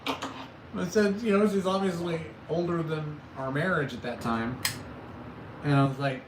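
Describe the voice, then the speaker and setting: A man's voice: mid-range voice, normal speed. A middle-aged man hosting a casual livestream from home, telling stories in a rambling, self-mocking way. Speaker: livestream host. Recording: echoey room with loud background noise.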